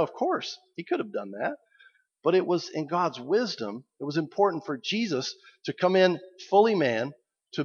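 A man preaching a sermon as pastor, reflective and conversational. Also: fairly high pitch. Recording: dull lo-fi recording.

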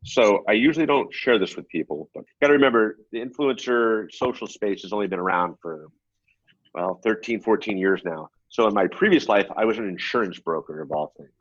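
A man's voice: fairly low pitch, a little fast, dry recording. A middle-aged man, a podcast guest, telling a long story in a chatty, rambling way. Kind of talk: casual storytelling in an interview. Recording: dull, dry lo-fi audio.

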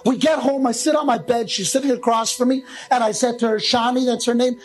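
A man, a rabbi, telling a humorous personal story in a lively way, often laughing as he goes. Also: extremely high pitch, a little fast, poor audio. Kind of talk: storytelling monologue.

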